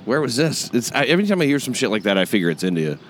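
A man's voice: medium pitch, very animated, very fast, slight background noise. A man hosting a casual interview, dropping wry, joking remarks. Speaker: host.

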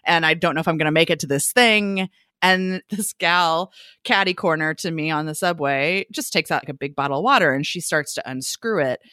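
Lower-voiced woman podcast co-host. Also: fairly quick, bright, forceful tone, clean tone, no room sound, studio quality. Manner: candid, laughing, frank storytelling. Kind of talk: casual chat.

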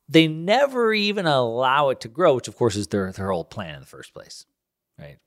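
Male host, middle-aged, casual solo talk, rambling and animated. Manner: rambling, off-the-cuff, animated pitch jumps. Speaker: show host.

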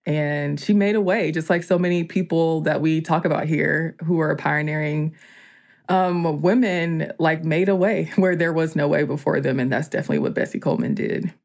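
Chatty Southern-raised woman, lowish voice. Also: moderate pace, a little mellow. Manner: chatty, many "like" fillers, laughs easily. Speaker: podcast co-host. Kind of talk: casual chat.

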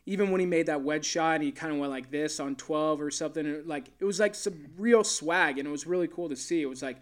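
A man's voice: on the high side, brisk. A man, a golf caddie, chatting casually in an interview and telling stories with plenty of fillers. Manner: easygoing storyteller, many fillers.

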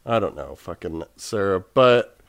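A man's voice: deep voice, lively intonation, a little slow, crowd noise. A man from Texas in casual podcast chat, rambling with many fillers. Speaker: podcast co-host.

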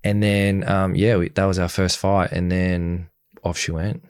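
Young man, very low voice, dry close sound, blunt, acts out quotes. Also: measured pace, clean tone, no echo. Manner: blunt and animated, acting out quoted dialogue. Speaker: interview guest. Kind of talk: candid podcast interview.

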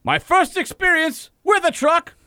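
A man voicing a blustery, pompous Southern rooster gentleman with a booming drawl while reading a listener email. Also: unhurried, vocal fry, no echo, studio quality, full character voice. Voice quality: booming, drawling, overly formal.

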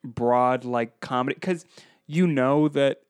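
A man's voice: mid-range voice, slow pace, clean tone, no echo, clean studio sound. A man co-hosting a podcast, chatting casually about a movie and slipping into playful impressions of film lines. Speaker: podcast co-host. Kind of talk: casual movie-review chat.

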